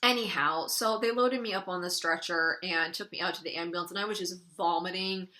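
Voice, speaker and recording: A woman's voice: fairly low pitch, a little fast, pushed and bright. A young adult woman vlogger telling a personal story in a casual, chatty way, filling her sentences with "like". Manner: chatty, frequent "like", wry laughs between lines. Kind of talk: casual story-time monologue.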